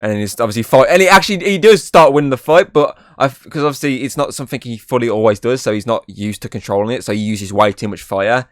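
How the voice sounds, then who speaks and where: A man's voice: medium pitch, fast talker, hardly any pauses, no room sound, clean studio sound. A man hosting a casual film review podcast, rambling and leaning on filler words and restarts. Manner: rambling, leans on "obviously" and restarts.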